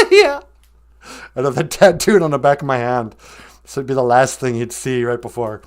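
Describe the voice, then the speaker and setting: A man hosting a comedy podcast, delivering deadpan jokes and mock infomercial lines with bursts of laughter. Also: mid-range voice, moderate pace. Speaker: podcast host. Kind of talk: joking comedic monologue.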